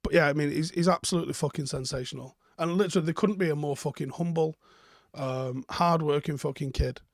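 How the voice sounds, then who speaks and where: A man's voice: on the high side, fast, creaky, no echo, clean studio sound. A man hosting a live stream, chatting casually and bluntly while reading out viewer comments, swearing freely.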